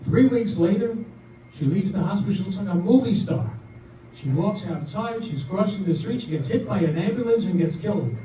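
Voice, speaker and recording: A man's voice: sits high, expressive, moderate pace, dark tone. Older man telling jokes in an echoey room. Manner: chatty, punchline-driven, laughs at his own jokes. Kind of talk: stand-up joke telling. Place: community room at a senior residence. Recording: echoey room, mic at a distance.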